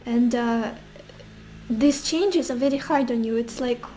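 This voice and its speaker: Young woman doing a tarot reading, mellow kinda high voice, musing and a bit sassy. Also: measured pace, a little hiss or hum. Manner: intuitive, musing, sassy asides. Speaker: tarot reader. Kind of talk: casual tarot reading monologue.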